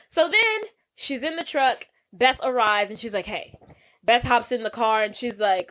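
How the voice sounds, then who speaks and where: A woman with a fairly high voice co-hosts a casual movie podcast. She retells the plot with lively energy and slips into the characters' voices as she goes. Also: moderate pace. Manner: animated, acts out characters' lines while retelling. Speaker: podcast co-host. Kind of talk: casual movie recap chat.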